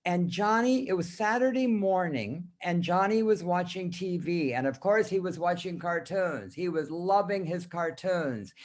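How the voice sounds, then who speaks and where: Slow sing-song male teacher. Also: high-pitched, lively intonation. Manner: slow, sing-song storytelling, leading others to sing along. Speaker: teacher trainer. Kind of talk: singing a story song to a video call.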